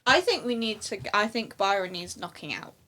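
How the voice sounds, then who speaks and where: A woman's voice: mid-range voice, lively intonation, moderate pace, over a noisy crowd. A woman player chatting playfully during a tabletop game, often laughing.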